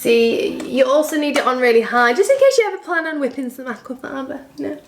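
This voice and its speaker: A woman's voice: high-pitched, lively intonation, fairly quick, slight background noise. A woman in her twenties chatting through a baking vlog in her home kitchen, rambling with self-mocking asides. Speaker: vlogger.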